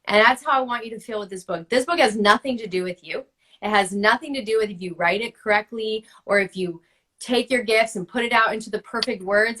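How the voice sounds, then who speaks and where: Woman in her 30s, slightly high voice, fervent spiritual coach, emphatic and chatty, on a video call. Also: pushed and bright. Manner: passionate and emphatic, peppered with "like". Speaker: host, book-writing coach.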